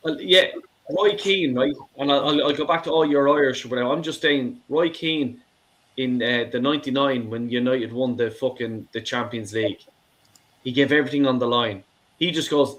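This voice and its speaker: A man's voice: mid-range voice, moderate pace, fairly bright tone. A middle-aged man calling in to a show, ranting with passion, swearing and stumbling over repeated words. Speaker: caller. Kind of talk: heated phone-in rant.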